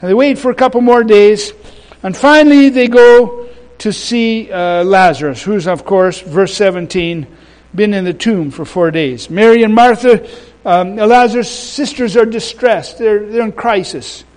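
A man preaching a sermon, emphatic and repeating his phrases, swinging between loud passages and soft ones, with conversational asides to the congregation. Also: high voice, unhurried, rough recording.

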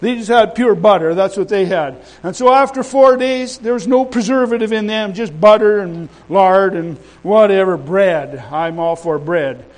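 A man with a high-pitched voice preaches a sermon. He rambles in a folksy way, trips over his words and restarts, then swells into loud, emphatic declarations. His delivery mixes homely asides with bold exhortation. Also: moderate pace, hardly any pauses, low-quality recording.

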